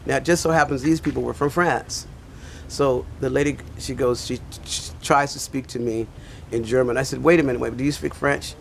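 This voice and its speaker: An older man with a gravelly, creaky voice tells a rambling story, full of fillers and asides. He talks casually, like a pastor chatting with his flock. Faint noise hums behind him. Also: mid-range voice, steady tone, a little fast. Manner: rambling anecdotal telling with many fillers. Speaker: pastor and teacher.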